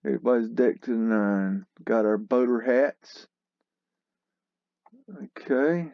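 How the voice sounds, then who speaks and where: A man's voice: medium pitch, no echo. A man drawls his way through old photographs, taking his time and breaking into exclamations. His voice sits mid-range, recorded close and dry on a dull-sounding home mic. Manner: slow, musing, exclaiming and laughing at what he sees. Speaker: host narrating a photo tour. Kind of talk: casual commentary over photos.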